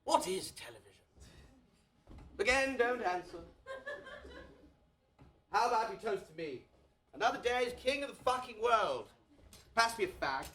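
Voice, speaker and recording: A man's voice: high voice, big pitch swings, normal speed, pauses often, bright, forceful tone, heavily acted. A man playing a hungover, foul-mouthed posh older king in a comedic audio play, with a plummy, blustering way of talking.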